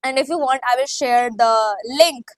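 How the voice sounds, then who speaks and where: A woman's voice: high voice, normal speed, low-quality recording. A woman presenting a casual tutorial vlog as an English learning host, reassuring her viewers and often correcting herself mid-sentence. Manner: spells out words and demonstrates pronunciation.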